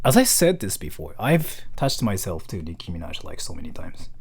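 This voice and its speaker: A man's voice: deep voice, sing-song, normal speed, faint music behind. Rambling, self-mocking young man. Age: 20s. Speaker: vlogger. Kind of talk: casual talk to camera.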